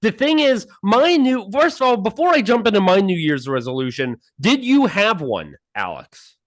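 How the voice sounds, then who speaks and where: A man's voice: sits high, moderate pace. A man co-hosting a casual podcast over a call, ranting in mock anger and airing grievances. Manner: ranting, mock-angry, animated. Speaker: podcast co-host. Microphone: remote call mic.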